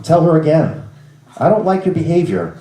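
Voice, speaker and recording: Guy doing a patient fatherly HR boss, measured and calm, roomy sound. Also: on the high side, voice pushed up. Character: calm middle-aged male HR executive, earnest.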